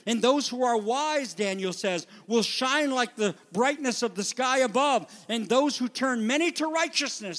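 A man preaching a sermon as pastor, moving from quiet retelling to loud, urgent exhortation. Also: very high-pitched, big-room sound. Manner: dynamic preaching, drops to a hush then builds to loud exhortation.

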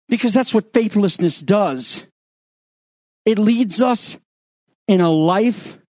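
A man preaching a sermon, retelling scripture with animated acted-out quotes and sarcastic asides. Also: extremely high pitch, no room sound, clean studio sound. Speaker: pastor.

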